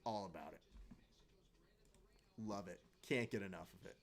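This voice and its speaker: A man's voice: sits low, normal speed, creaky. A man hosting a live fight watch-along stream, chatting casually, joking and reading out viewer comments.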